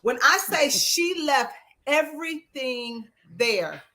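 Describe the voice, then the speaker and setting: A woman co-hosts a radio talk show from a studio, spinning an animated story and acting out every quoted line. Her voice sits fairly high and sounds bright and forceful. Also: slow. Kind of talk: casual chat.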